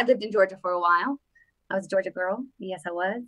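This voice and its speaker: A woman with a mid-range voice hosts her own live political show, chatting upbeat and casually straight to viewers from her desk. She speaks fast, and the recording sounds muffled.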